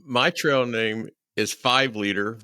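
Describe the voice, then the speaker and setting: A man hosting a podcast, telling a lively story and acting out the quoted lines in casual chat. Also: medium pitch, takes it slowly, clear, resonant tone, no echo, clean studio sound. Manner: lively, acts out quoted dialogue. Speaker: podcast host.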